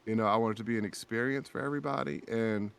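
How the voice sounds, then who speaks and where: A man's voice: fairly low pitch, fairly even intonation, fast talker, vocal fry, clear, resonant tone. A man telling a heartfelt story on a casual podcast, acting out quoted dialogue with a raised voice and speaking openly about faith and prayer. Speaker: guest voice actor.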